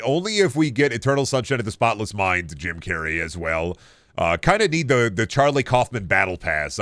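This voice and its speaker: A man's voice: fairly low pitch, fairly bright tone, dry recording, studio quality. A man streaming a video game, chatting in a rambling, jokey way with plenty of swearing. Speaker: gaming streamer. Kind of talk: casual stream chat.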